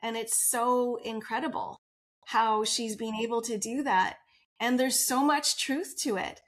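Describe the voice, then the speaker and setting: A woman's voice: on the high side, steady tone, unhurried. A woman guest on a podcast interview, telling her personal story in an open, earnest way and laughing often.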